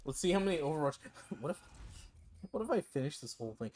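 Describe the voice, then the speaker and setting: A man's voice: fairly high pitch, very animated, fast talker, darkish tone, slight background noise. Profane, joking man in his thirties. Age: 30s. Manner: joking, profane, playfully repetitive. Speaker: streamer. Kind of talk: casual gaming stream commentary.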